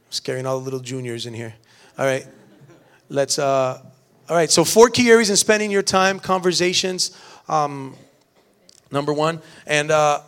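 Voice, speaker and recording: A man's voice: fairly high pitch, a bit bright. A middle-aged man preaching a sermon, earnest and storytelling, often repeating his words. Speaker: pastor.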